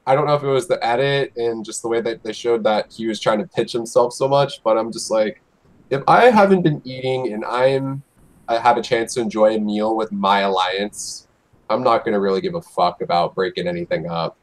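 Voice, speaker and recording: A man's voice: on the low side, fairly quick, low-quality recording. A man co-hosting a casual group chat, frank and opinionated, swearing freely.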